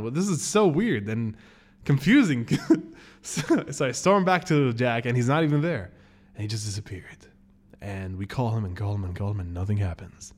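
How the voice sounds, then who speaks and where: A man telling a long story on his podcast in an easy, conversational way. He has a mid-range voice and slips into quick impressions of the people he quotes, with his pitch leaping up in disbelief. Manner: animated, acts out quoted people with sudden pitch jumps and laughs. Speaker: podcast host. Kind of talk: casual storytelling.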